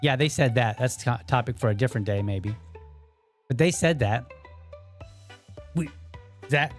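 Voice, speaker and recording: A man's voice: mid-range voice, moderate pace, faint music behind. A man hosting his own podcast, delivering a blunt, heated opinion monologue. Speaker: podcast host.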